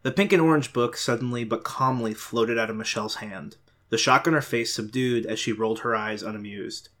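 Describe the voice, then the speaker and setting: A man who is a comedian and actor, reading a short story aloud with lively narration as a podcast guest. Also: medium pitch, a little fast.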